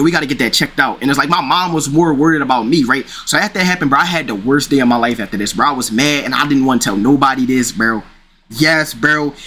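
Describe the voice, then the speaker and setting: A man's voice: mid-range voice, fairly bright tone. A young man casually telling a rambling personal story, full of slang and restarts. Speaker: streamer.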